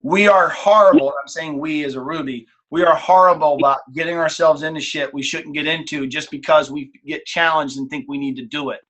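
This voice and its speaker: A man's voice: fairly high pitch, steady tone, fairly quick, few pauses, fairly bright tone. A man leading a casual team coaching call, who talks animatedly and acts out examples in different tones of voice.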